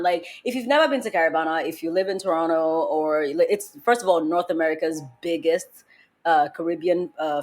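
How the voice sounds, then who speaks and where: A young woman from Nigeria hosting a podcast, chatting casually and telling an animated story, laughing often. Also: lowish voice. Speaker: podcast host. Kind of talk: casual chat.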